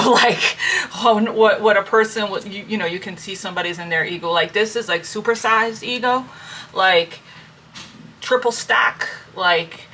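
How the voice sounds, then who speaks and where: A woman's voice: medium pitch, sharp tone. A woman reading tarot and giving spiritual advice in a casual, earnest monologue, repeating herself and checking in with her listeners as family. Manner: earnest, repetitive, checks in with "okay?" and "right?". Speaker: tarot reader.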